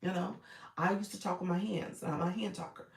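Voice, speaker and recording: In a lowish, steady, creaky voice, this woman briskly coaches viewers during a live stream, greeting newcomers by name mid-sentence. Her talk is colloquial and chatty, full of y'all and ain't, and she sounds roomy and far from the microphone.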